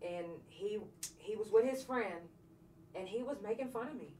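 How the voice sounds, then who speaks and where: A woman's voice: medium pitch, moderate pace, warm tone, far from the mic. A woman hosting her own podcast tells a hard personal story with blunt, profane candor. She sounds set back from the mic in an echoing room, with a faint hiss of noise behind her. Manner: blunt, profane, emotionally charged retelling. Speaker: podcast host. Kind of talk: candid personal storytelling on a livestream.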